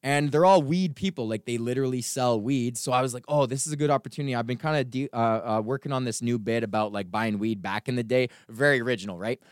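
A man's voice: medium pitch, quick pace, few pauses, smooth, dry recording, clean studio sound. A man hosting his own podcast, telling rambling, profane stories in a casual rant, from Canada. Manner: profane, rambling storytelling with laughs. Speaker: podcast host.

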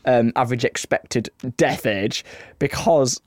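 A man's voice: medium pitch, unhurried, darkish tone, dry recording, clean studio sound. A man co-hosting a podcast in casual chat, telling a story and laughing often. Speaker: podcast co-host.

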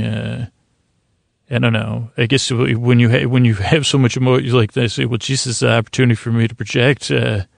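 A man's voice: mid-range voice, creaky, no room sound, studio quality. A man hosting a sleep podcast, casually recapping a TV episode in a meandering, earnest way. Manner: meandering, many restarts and fillers, quietly earnest.

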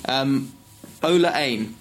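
A man's voice: medium pitch, slow pace, slight background noise. A man co-hosting a casual advice podcast, chatty and laughing often, acting out little quotes. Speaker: podcast co-host.

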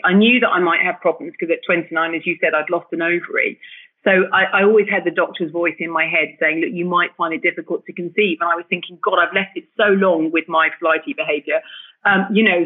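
A woman telling her story as an interview guest, animated and emotional, often restarting her sentences. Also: on the low side, husky. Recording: tinny phone-like line.

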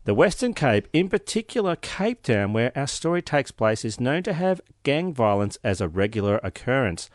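A man's voice: mid-range voice, sing-song, normal speed, few pauses, dry recording, clean studio sound. A young man, co-hosting a casual podcast with a joking, sarcastic and sweary manner. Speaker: podcast co-host. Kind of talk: casual chat.

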